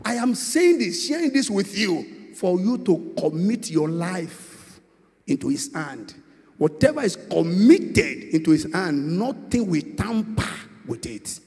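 A Nigerian man preaching a sermon, moving between quiet storytelling and shouted prayer, with call-and-response questions to the congregation. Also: high voice, big pitch swings, a little slow, big-room sound. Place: large church with long reverb.

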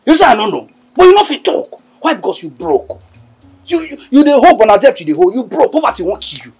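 An actor with a Nigerian accent playing a cheeky young houseboy who mocks and teases in a sing-song way. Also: male voice, extremely high pitch, very animated, fast. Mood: mocking. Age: young adult. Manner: mocking, teasing, sing-song. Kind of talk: film acting.

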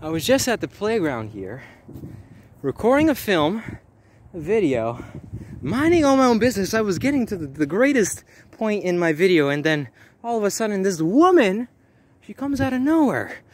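A man talking to camera in a preachy spiritual monologue, animated and repetitive, with swearing. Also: high voice, normal speed, slight background noise. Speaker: vlogger.

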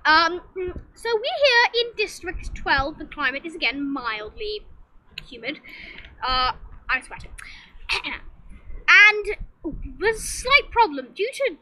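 A woman plays a grandiose announcer presenting a deadly reaping, who gets flustered and starts her sentences over. The voice is very high and bright, with animated swings in pitch, and the delivery is slow and drawn out. It comes from a comedic game role-play. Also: a little hiss or hum, heavily acted, poor audio. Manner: theatrical, flustered, trails off and restarts. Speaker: host of the reaping.

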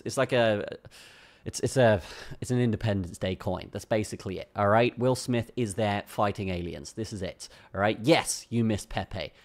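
This fairly low-pitched crypto trading channel host sounds tired from a long day as he walks through charts in a casual screen recording. He keeps capping his points with "okay?" and "all right?" and repeats his own phrases.

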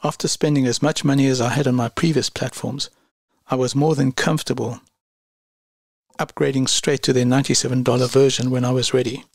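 A man with a gravelly, slightly husky voice reads a scripted product review at a measured, unhurried pace. The sound is dry and close, with no room around it. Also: medium pitch, flat delivery, darkish tone, dry recording. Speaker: online business reviewer.

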